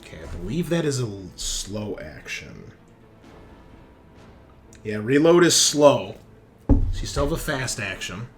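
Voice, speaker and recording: Lively man running a tabletop game. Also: fairly low pitch, a little slow, long pauses, soft background music. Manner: explains rules patiently, lively narration. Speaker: game master.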